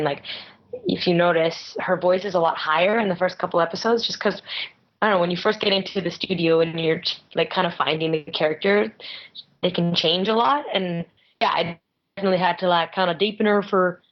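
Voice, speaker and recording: Chatty woman with a natural rasp. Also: fairly low pitch, highs cut off. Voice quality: natural raspy voice. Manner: chatty, lots of "like" fillers, laughs often. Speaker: guest voice actress. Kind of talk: casual interview chat.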